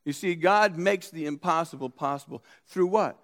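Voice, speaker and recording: A man's voice: on the high side, moderate pace, fairly bright tone, in a large hall. A man preaching a sermon in a church, telling stories with emphatic, acted-out quotes and frequent restarts. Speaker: pastor. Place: church sanctuary.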